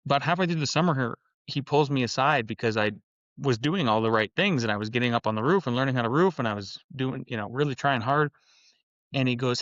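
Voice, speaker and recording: A man in his forties, a podcast guest from the American Upper Midwest, telling his story in a casual, animated way and acting out quoted dialogue. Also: mid-range voice, fast talker, no echo. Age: 40s. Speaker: podcast guest, architect and entrepreneur. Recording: dull lo-fi sound, dry.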